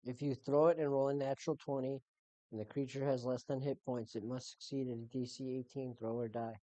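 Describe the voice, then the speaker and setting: A woman's voice: a bass voice, steady tone, brisk, dark tone, dry recording, lo-fi sound. A woman running a tabletop game as game master, narrating in a casual, rambling way with swearing.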